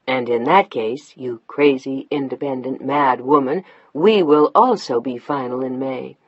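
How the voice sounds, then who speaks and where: Woman narrator doing a lovestruck man for an audiobook, low and husky, softly urgent. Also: measured pace, no room sound, lo-fi sound, exaggerated voice. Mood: teasing. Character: tender lovestruck grown man, the male lead.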